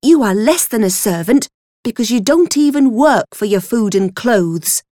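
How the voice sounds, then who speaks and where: A stern servant woman, read by a woman storyteller, lectures with harsh, moralising severity. The delivery is unhurried, and the recording is close and dry. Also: fairly high pitch, lively intonation, warm tone, dry recording. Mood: scolding. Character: stern adult female servant scolding a child.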